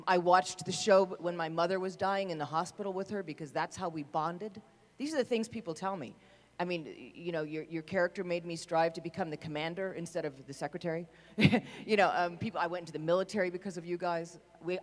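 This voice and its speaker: A woman's voice: on the low side, a little fast, in a large hall. Effusive woman on a fan panel. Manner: effusive, emphatic lists. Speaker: actor on a convention panel. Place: convention hall.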